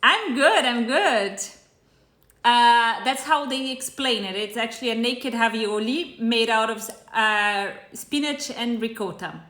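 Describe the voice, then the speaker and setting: A woman with a Brazilian accent chats her way through a live cooking stream at a slow, easy pace, greeting viewers by name. Her voice is bright and a little high. The room has a noticeable echo. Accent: Brazilian Portuguese. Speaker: cooking show host. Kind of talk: casual live-stream chat.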